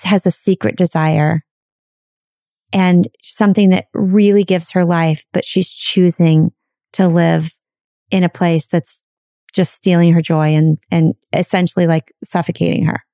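Brief: woman host, low gravelly voice, mellow and dry, emotional and affirming. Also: no echo. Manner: warm, emotional, many affirming murmurs. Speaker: podcast host. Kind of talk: casual interview chat.

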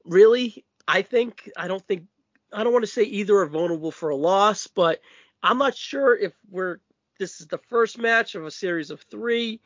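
A man with a Massachusetts accent hosting a podcast, his voice riding high for a guy. He talks brash and a little profane, tossing in quick asides. The sound is dull and lo-fi, close and dry. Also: fairly bright tone, no echo. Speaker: podcast host. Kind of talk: casual wrestling podcast chat.

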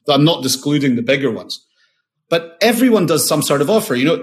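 A man's voice: a little high, very animated, quick pace. A man, a company founder, talking casually and enthusiastically as a podcast guest, often restarting and repeating words. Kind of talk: casual interview talk.

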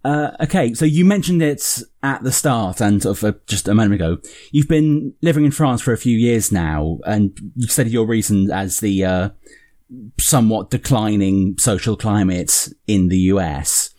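A man's voice: on the low side, expressive, moderate pace, dark tone. A man hosting a podcast, asking questions in a hesitant way with fillers. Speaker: podcast host. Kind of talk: podcast interview.

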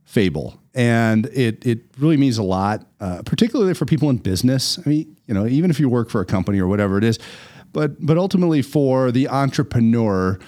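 A man with a mid-range voice tells a story in a lively, rambling way and often doubles back on his words. He hosts a casual talk show and keeps his pitch moving as he goes. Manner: animated, repeats words while telling a story.

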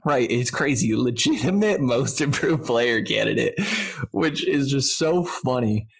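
A man's voice: mid-range voice, expressive, unhurried, vocal fry, slightly rough. A man co-hosting a sports podcast in casual chat, loose and talkative with frequent restarts. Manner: chatty, loose, lots of "like" and restarts. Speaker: podcast co-host.

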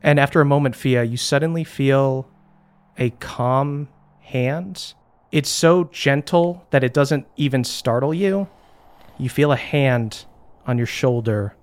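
A man narrating a tabletop game as game master, describing scenes vividly with quick asides to the players. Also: medium pitch. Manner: descriptive, animated narration with frequent laughter.

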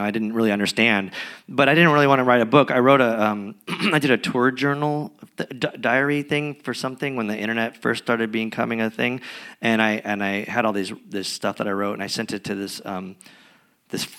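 A man, a musician guest, telling stories in a rambling, animated way with many restarts during a live podcast interview. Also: lowish voice. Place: recording studio with live audience.

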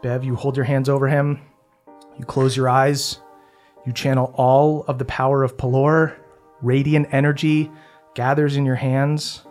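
A man's voice: medium pitch, little pitch movement, measured pace, a little mellow, soft background music. A man narrating as game master of a tabletop game, laughing often and keeping things light. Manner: laughs often, upbeat and joking.

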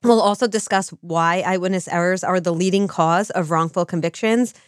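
A woman with a lowish voice co-hosts a true-crime podcast in casual chat. She explains things in a measured way. The sound is dry and close. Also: clean tone, no echo. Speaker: podcast co-host.

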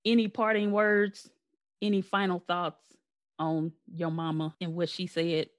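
A woman's voice: on the low side, measured pace. A woman hosting a podcast, chatting casually and laughing easily with her guest. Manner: laughs often, relaxed storytelling. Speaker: podcast host. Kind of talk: casual chat.

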